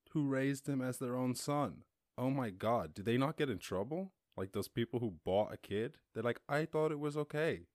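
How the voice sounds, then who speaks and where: Excitable Irish man hosting a podcast. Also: medium pitch, dry recording, clean studio sound. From Ireland. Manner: excitable, reacts aloud with exclamations. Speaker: podcast host. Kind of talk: casual news chat.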